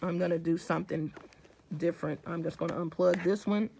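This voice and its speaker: A woman's voice: lowish voice, steady tone, a little fast, gravelly, darkish tone, slight background noise. A woman, a small-business owner, telling a story to her viewers in a casual vlog. She is chatty, restarts her sentences and talks straight to the audience.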